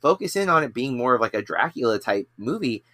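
A man's voice: medium pitch, very animated, fairly quick, pushed and bright, dry recording. A man co-hosting a podcast, chatting casually with lots of fillers and restarts. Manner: rambling, many fillers and restarts. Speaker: podcast co-host.

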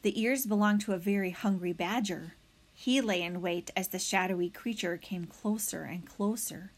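A woman reading a children's novel aloud as narrator, with expressive storytelling. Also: mid-range voice, normal speed.

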